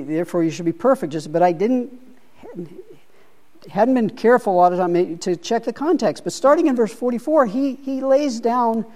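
A man's voice: sits high, a little mellow. A middle-aged man leading a Bible study group, talking through ideas with many restarts and repeated words. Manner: hesitant, repeats words, thinks aloud.

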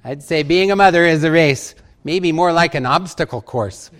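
A pastor preaching a sermon, telling light, humorous stories in an easy storytelling manner. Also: male voice, a little high, normal speed, fairly bright tone.

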